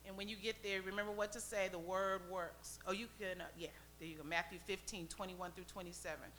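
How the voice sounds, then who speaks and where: A woman's voice: medium pitch, steady tone, brisk, fairly bright tone, a little hiss or hum. A woman pastor preaching a sermon, questioning the congregation and acting out the voices of people in a scripture story.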